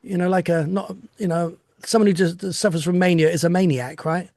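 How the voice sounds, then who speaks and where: A man's voice: high voice, steady tone, fairly quick, a little mellow, dry recording, clean studio sound. An older man speaking reflectively over a video call from home as an interview guest, with laughs and restarts. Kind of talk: casual chat.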